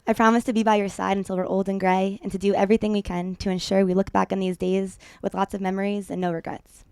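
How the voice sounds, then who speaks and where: A young American bride reads her wedding vows in a tender voice, close to tears. Her voice has a gravelly fry, picked up close and dry. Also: medium pitch, little pitch movement, fast, a little mellow, dry recording. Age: young adult. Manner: tender, emotional reading. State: teary.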